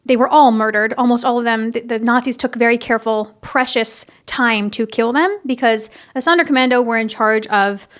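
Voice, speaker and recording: A young woman hosting a casual, heartfelt podcast, talking earnestly and haltingly, with many restarts and fillers. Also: fairly high pitch, fairly bright tone. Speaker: podcast host. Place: home in Florida.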